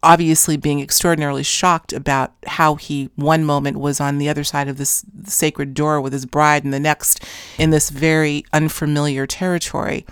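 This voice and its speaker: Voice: medium pitch, normal speed, smooth, dry recording, clean studio sound. A podcast host telling a story in a casual monologue, rambling with many fillers and self-corrections. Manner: grows more animated toward the end. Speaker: podcast host recounting an interview.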